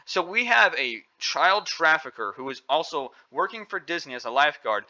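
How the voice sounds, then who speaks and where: A man's voice: fairly high pitch, very animated, normal speed, sharp tone, dull audio. A man giving opinionated, indignant news commentary, stressing points by repeating phrases. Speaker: commentary vlogger.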